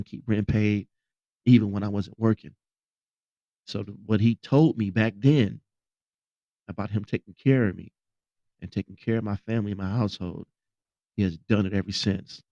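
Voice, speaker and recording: A man's voice: on the low side, dark tone, no echo, muffled recording. A man hosting a podcast, sharing a personal testimony in an earnest, repetitive storytelling manner. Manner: earnest storytelling, repeats phrases. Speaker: podcast host.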